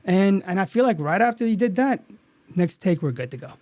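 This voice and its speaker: A man guest on an interview podcast, telling a story from a set in an earnest, animated way with lots of restarts. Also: sits high, a little fast, no echo. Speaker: actor guest.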